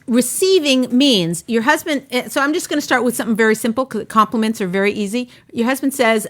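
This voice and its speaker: A woman hosting a talk show, giving casual marriage advice in an animated way, often restarting her sentences. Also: on the high side, fast, hardly any pauses. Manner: animated, acts out wives' voices, frequent restarts. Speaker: relationship coach and show host.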